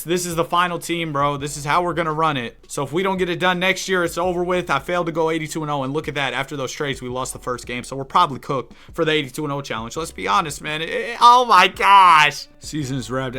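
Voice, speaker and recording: A young man giving casual gameplay commentary as a gaming YouTuber. He swings between low grumbling and loud excited outbursts.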